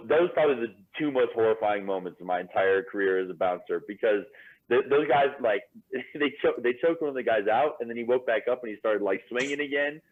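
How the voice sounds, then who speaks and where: Laughing man telling stories over a tinny line. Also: medium pitch. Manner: animated, laughing storyteller with many fillers. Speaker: podcast guest. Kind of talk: casual storytelling.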